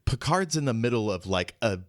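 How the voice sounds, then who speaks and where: A man's voice: mid-range voice, animated, fairly quick, dry recording, studio quality. A man hosting a podcast, recapping in a wry, joking casual chat. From United States. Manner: wry, recaps plot with jokes. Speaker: podcast host.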